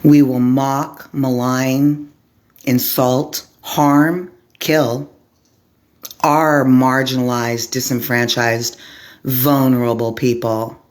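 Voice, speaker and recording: A woman from Arizona giving an impassioned vlog monologue to camera, speaking slowly and deliberately in short, clipped lists. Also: a bass voice, flat delivery, a little mellow. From Arizona, USA. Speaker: vlogger, formerly homeless advocate.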